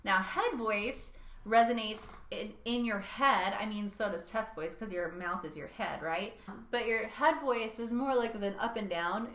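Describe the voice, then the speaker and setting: A young woman vocal coach giving a singing lesson, talking in a lively way and showing each sound with her own voice. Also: mid-range voice, a little slow, echoey room.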